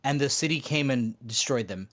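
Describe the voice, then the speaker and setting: A man's voice: medium pitch, moderate pace, a bit bright. A man chatting over voice chat during a watch-along, opinionated and rambling with fillers. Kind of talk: casual group chat.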